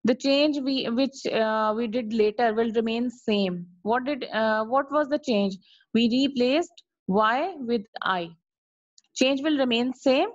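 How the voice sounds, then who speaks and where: A woman teacher giving an online grammar lesson, explaining slowly and repeatedly asking if it is clear. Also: fairly high pitch, dry recording. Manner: slow, repetitive explaining, checking in with "clear?". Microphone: video call. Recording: dull lo-fi video call audio.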